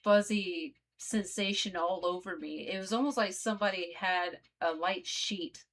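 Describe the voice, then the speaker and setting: Woman vlogger, slightly low voice, casual storytelling straight to camera. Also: unhurried, fairly bright tone. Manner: conversational, addresses viewers directly.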